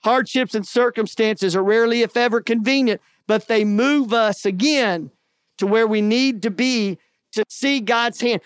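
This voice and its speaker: A man's voice: very high voice, measured pace, no room sound, studio quality. A man preaching a sermon in a folksy, conversational way, often tossing in "man" and "right?". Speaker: pastor.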